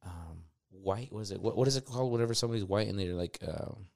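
A man in casual chat who tells stories with energy, acts out quotes loudly and swears freely. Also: lowish voice, fast talker, gravelly.

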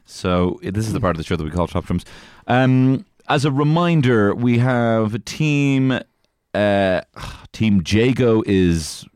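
A man's voice: lowish voice, lively intonation, slow, darkish tone, clean tone, no room sound. A man co-hosting a podcast, bantering and swearing as he keeps score in a card game. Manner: swearing, joking, teasing. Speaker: podcast co-host. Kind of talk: casual banter.

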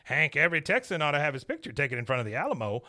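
Man doing a bossy crotchety old dad, raised gruff voice, barks orders, bright edge. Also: a little high, sing-song, racing, exaggerated voice.

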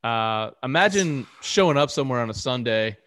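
A man's voice: medium pitch, expressive, normal speed, a bit bright. A young man co-hosting a sports podcast, laying out figures in a matter-of-fact, casual way. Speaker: podcast co-host. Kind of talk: casual chat.

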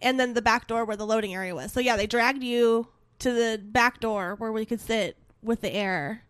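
A woman's voice: a little high, moderate pace, fairly bright tone, clear, resonant tone, dry recording. A young woman in casual chat, chiming in to fill in details of a friend's story and laughing along.

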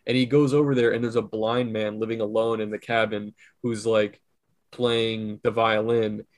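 A man's voice: lowish voice, level tone, normal speed. A man co-hosting a podcast, telling long rambling stories in casual chat. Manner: rambling storyteller, lots of fillers. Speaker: podcast co-host.

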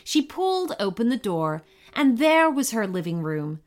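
A woman reading a children's story aloud with expressive, animated narration. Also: fairly high pitch, unhurried.

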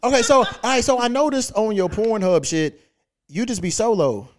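A man's voice: high-pitched, sing-song, normal speed, background noise. A man hosting a podcast, asking questions in loose, slangy, profane banter. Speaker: podcast host. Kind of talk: casual podcast interview.

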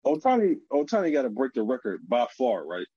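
A man on a sports podcast, chatting casually and asking lively questions. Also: mid-range voice, a little fast, slightly rough, dry recording. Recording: dull, dry lo-fi sound.

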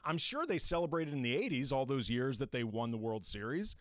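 A man's voice: medium pitch, expressive, fairly quick, no echo, clean studio sound. A man co-hosting a sports talk radio show, firing back with emphatic rebuttals. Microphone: studio microphone.

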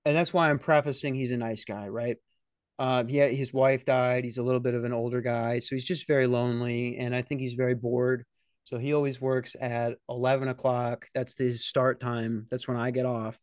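A young man hosting a podcast, rambling through stories in an animated, profane way. His voice sits at an ordinary middle pitch, and the recording is dry and close with no room sound. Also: normal speed, clean tone, no echo. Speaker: podcast host. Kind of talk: casual storytelling. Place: security office at night.

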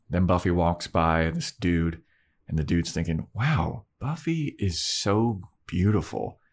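A young man with a low voice co-hosts a casual podcast. He retells scenes in an animated way, slipping into the characters' voices and swearing freely. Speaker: podcast co-host. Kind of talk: casual chat recapping an episode.

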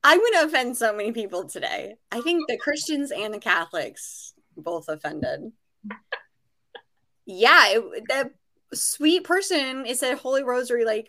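Lively, bright-voiced woman podcaster. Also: fairly high pitch, a little slow. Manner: animated storytelling, acts out quotes. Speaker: podcast co-host, reseller. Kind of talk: casual podcast chat.

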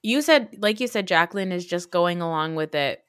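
A woman's voice: fairly low pitch, a little fast, smooth, dry recording, clean studio sound. A woman co-hosting a casual podcast, recapping reality TV and acting out what the cast members said. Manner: animated, acts out quotes from the show. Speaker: podcast co-host.

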